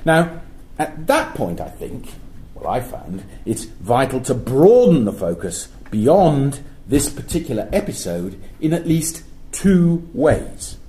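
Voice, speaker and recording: Middle-aged guy giving a uni lecture, mellow voice, goes up and down a lot, careful, fixes his own slips. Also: mid-range voice, huge pitch swings, low-quality recording. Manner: measured, explanatory, with small self-corrections. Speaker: university lecturer. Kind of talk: academic lecture. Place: lecture hall.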